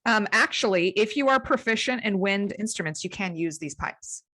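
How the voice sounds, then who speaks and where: A woman narrating as game master over a video call, with many pauses and restarts. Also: medium pitch, lively intonation, bright, forceful tone. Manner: hesitant, many restarts and ums.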